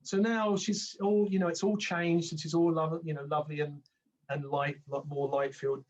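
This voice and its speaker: Older male guest, spiritual teacher, slightly higher than usual male pitch, reflective and meandering. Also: little pitch movement, moderate pace, lo-fi sound, a little hiss or hum. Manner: reflective, rambling with restarts, acts out inner voices. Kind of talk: conversational interview.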